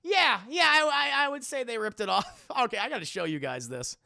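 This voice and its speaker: A man hosting a livestream in a casual, excitable way, swearing freely and laughing often. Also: extremely high pitch, fairly quick, gravelly, dry recording, studio quality. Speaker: livestream host.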